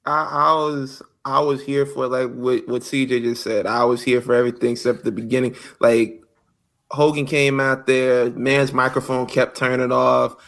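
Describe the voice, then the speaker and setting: Podcast co-host, male, mid-pitched, lively slangy recaps of wrestling shows. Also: normal speed, gravelly. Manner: animated storytelling, acting out quotes with slang. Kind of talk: casual wrestling chat.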